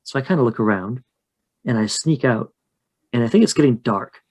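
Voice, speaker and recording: A man's voice: mid-range voice, expressive, normal speed, a little mellow. A man co-hosting a podcast, casually narrating his moves in a tabletop role-play and joking in a chatty, rambling way. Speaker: podcast co-host and player.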